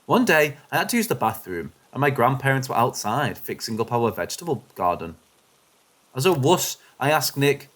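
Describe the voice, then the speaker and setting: A man giving scripted, expressive narration of first-person paranormal stories, shifting his delivery with the suspense. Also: mid-range voice, fairly quick. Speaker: story narrator.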